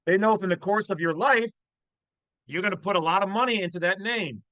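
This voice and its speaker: A man's voice: high voice, fairly quick, bright, forceful tone, no room sound, rough recording. A man hosting his channel, commenting in a brash, folksy, slangy way. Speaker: channel host. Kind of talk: casual commentary on a read-aloud text.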